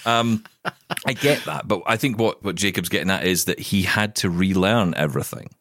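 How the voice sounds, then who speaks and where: A man co-hosting a casual radio chat show, animated and rambling, with frequent restarts and chuckles. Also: low-pitched, moderate pace, no echo, clean studio sound. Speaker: co-host.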